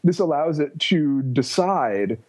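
A man's voice: fairly high pitch, lively intonation, slow, a little mellow, no echo, rough recording. A man co-hosting a podcast, explaining things in a dry, casual way.

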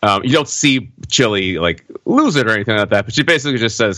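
A man's voice: fairly low pitch, expressive, quick pace, sharp tone, no echo. A man co-hosting a casual chat in a playful, teasing way. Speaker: podcast co-host.

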